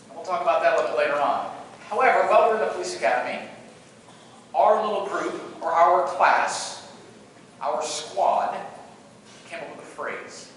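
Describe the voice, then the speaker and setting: Keynote speaker, man, middle-aged, high-pitched, playful joker, distant mic in a reverberant hall. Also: a little hiss or hum. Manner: animated, playful, joking with the audience. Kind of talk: storytelling conference presentation. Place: large conference hall. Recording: echoey hall, picked up from afar.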